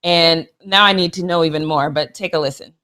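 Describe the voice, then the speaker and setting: A woman co-hosting a sports talk show speaks in a low, fairly quick voice that sounds pushed and bright. In casual sports chat she gushes emotionally, laughs often, and trades sassy trash talk.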